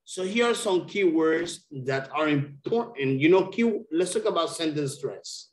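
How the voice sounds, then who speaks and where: A man's voice: on the high side, lively intonation, measured pace. A man teaching an English lesson over a video call, speaking patiently and repeating key words. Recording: roomy echo.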